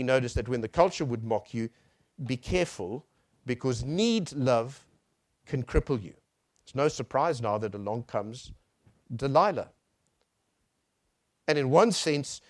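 A male preacher giving a sermon. He swells on key phrases and then drops to a near hush. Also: mid-range voice, no echo, clean studio sound.

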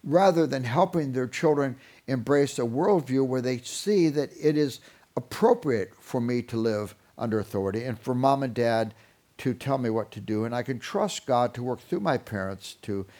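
A man's voice: medium pitch, a little mellow. A man leading a Christian parenting seminar, speaking in an easy, conversational voice. He stumbles over repeated words as he gathers his thoughts. He slips into the voices of parents and children to make his points. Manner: acts out parents and children in quotes. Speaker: parenting teacher.

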